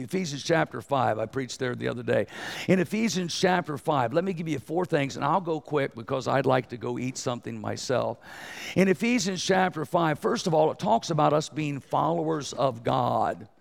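Gravelly 60s evangelist preaching. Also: male voice, fairly high pitch. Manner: folksy, joking, calls for crowd participation. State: hoarse. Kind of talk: sermon.

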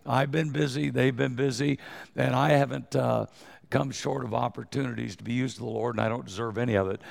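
Older male preacher, 60s, very gravelly and hoarse, joking and self-deprecating. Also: medium pitch. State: hoarse from a cold. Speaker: evangelist preacher. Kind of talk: folksy sermon opening.

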